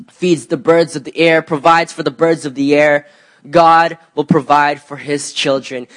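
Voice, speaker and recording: A young man preaching a sermon in a conversational way, often pausing on fillers and restarting his sentences. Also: on the high side, fairly bright tone. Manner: conversational, many "you know" fillers and restarts.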